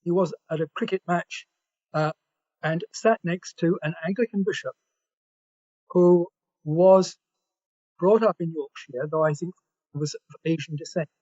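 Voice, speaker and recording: Brief: southern English man, panelist, high-pitched, measured anecdotal delivery, muffled lo-fi sound. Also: warm tone. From Essex, England. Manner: measured storytelling, occasional throat clearing. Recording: dull lo-fi audio.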